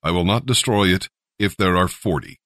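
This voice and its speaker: A man doing a calm, merciful deity. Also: low voice, no echo, studio quality. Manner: calm, measured promises.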